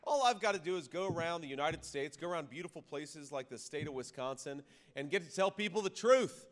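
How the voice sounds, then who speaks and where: A man giving a campaign rally speech into a podium microphone, talking conversationally with restarts and repeated words and rising to loud punchy lines. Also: fairly high pitch, lively intonation, a little fast. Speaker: political candidate addressing a rally. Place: large reverberant rally venue. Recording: long reverb of a rally hall, faint ambient noise.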